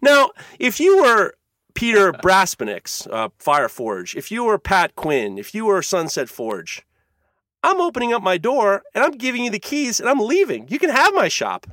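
A man's voice: sits high, huge pitch swings, normal speed, a bit bright, dry recording, studio quality. A man hosting a casual podcast chat, ranting in a heated, profane way. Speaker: podcast host.

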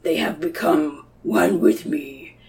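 A woman's voice: sits low, big pitch swings, darkish tone, recorded from a distance, a little hiss or hum, voice pushed down, heavily acted. Whispery bloated monster, as a woman puts it on. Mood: ominous. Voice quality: breathy, whispery. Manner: slow, drawn-out delivery. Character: huge bloated male tree-hollow devourer monster, slow and menacing. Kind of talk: improvised story voice in a casual chat.

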